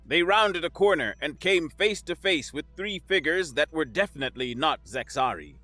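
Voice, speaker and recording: A man reading sci-fi narration in a steady, measured way. His voice is bright and forceful, recorded dry and close with faint music behind. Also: fairly high pitch, dry recording.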